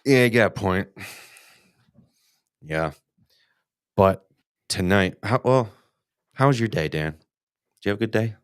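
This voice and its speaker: A man's voice: fairly low pitch, lively intonation, slow pace, pauses often, clear, resonant tone, no echo, clean studio sound. A man hosting a casual live hunting podcast, rambling and cursing freely with many restarts. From United States. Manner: rambling, profane, frequent restarts. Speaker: podcast host.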